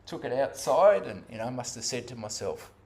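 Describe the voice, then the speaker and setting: An Australian man telling his own story to a Zen group. He talks in a halting way, often pausing on fillers and starting phrases over. His pitch sits in the middle for a man. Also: lively intonation, gravelly, a little mellow, slight background noise. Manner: halting, many fillers and restarts. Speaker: Zen practitioner giving a talk. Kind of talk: personal storytelling talk.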